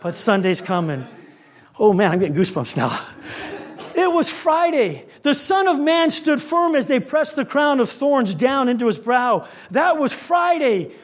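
A man preaching a sermon with rhythmic refrains, building intensity and dropping low on key lines. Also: sing-song, measured pace.

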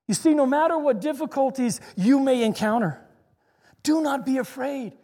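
A man preaching a sermon in an earnest way, slowing down to stress each point. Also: very high voice, mellow, big-room sound. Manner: earnest, slows down to stress scripture.

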